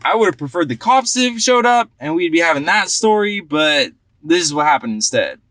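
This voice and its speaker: A man's voice: on the high side, very animated, a little fast, fairly bright tone, a little hiss or hum. A young man playing a party-goer who tells a long story in a rambling, profane, slangy way full of fillers. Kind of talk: casual film dialogue.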